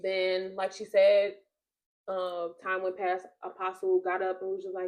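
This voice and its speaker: Young woman host, casual storyteller, animated with quotes, mid-pitched voice. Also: a little slow, rough recording. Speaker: podcast host.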